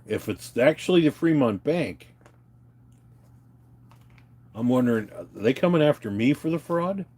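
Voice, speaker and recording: Male streamer, mid-pitched, agitated and profane, ranting straight at his chat. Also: darkish tone, husky. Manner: agitated, profane, ranting and telling stories to viewers. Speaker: livestreamer answering chat. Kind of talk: unscripted live rant.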